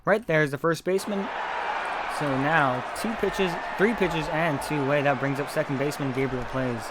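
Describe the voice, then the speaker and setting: A man doing live play-by-play commentary of a game, reading chat messages between pitches, his voice not feeling well. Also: normal speed, over a noisy crowd, very noisy. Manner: reads chat messages between calls, gets loud on big hits.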